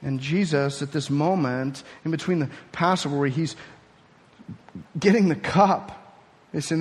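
A man's voice: on the high side, a little slow, long pauses, slightly rough. A man preaching a sermon, teaching through a passage and building to emphatic peaks. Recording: reverberant hall.

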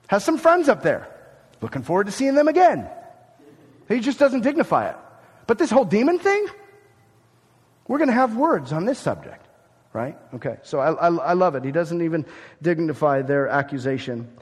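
A man preaching a Bible sermon, animated and conversational, often acting out the people he quotes. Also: a little high, normal speed, pauses often, breathy edge, big-room sound. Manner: animated, acts out quoted speakers.

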